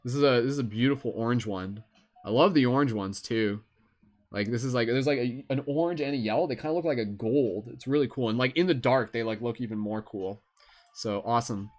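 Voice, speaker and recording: A man's voice: mid-range voice, a little fast. A young man with a Canadian accent hosting a live stream, chatting casually and rambling with lots of fillers. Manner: laid-back, rambling, with many fillers.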